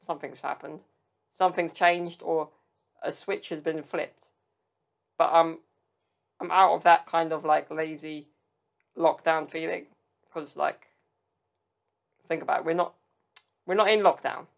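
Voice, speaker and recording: Male reaction host, unhurried, creaky low rasp. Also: flat delivery. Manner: laid-back, amused, chatty asides. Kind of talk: casual reaction commentary.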